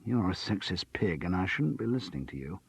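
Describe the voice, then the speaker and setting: A man's voice: sits low, sing-song, a little fast, gravelly, slightly rough, dry recording, full character voice. A man voicing a dry, self-mocking middle-aged actor who has sworn off drink. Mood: wry. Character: wry middle-aged male actor on the wagon.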